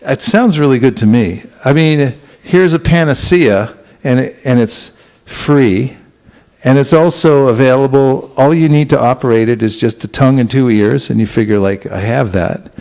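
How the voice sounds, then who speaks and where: A man gives a spiritual talk to a congregation in a temple, his pitch sitting in the middle range. He speaks gently and unhurriedly, pausing and restarting as he goes. He often turns to his listeners with questions and invites them to repeat after him. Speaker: spiritual teacher. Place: temple hall.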